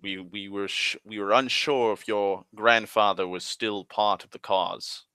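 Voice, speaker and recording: A man voicing a calm, fatherly male elf god who speaks in a quiet, measured, patient way while retelling a tabletop game. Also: fairly low pitch, clear, resonant tone, dry recording. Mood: explaining.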